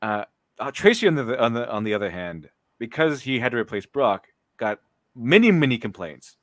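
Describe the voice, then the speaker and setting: A man's voice: medium pitch, big pitch swings, normal speed, fairly bright tone, no room sound, studio quality. A man hosting a casual commentary chat, rambling with restarts and a mocking tone. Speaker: podcast host.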